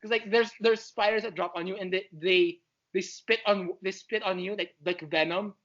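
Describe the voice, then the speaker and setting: A man chatting as a podcast guest in an excitable, rambling, fannish way. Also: high voice, normal speed, lo-fi sound. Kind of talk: casual chat.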